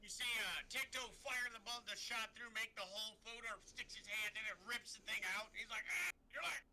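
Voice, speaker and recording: A man running a tabletop game as game master, describing the action in lively, vivid scenes. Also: high-pitched, fairly quick, slight background noise, poor audio. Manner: lively, vivid scene-painting with acted sound effects.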